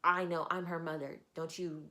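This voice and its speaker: An emphatic mother in a recapped story, pressing her point hard and refusing to be called crazy, voiced by a woman. She speaks loudly. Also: on the low side, level tone, moderate pace. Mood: insistent. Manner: insistent, emphatic. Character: insistent tearful mother of a missing woman.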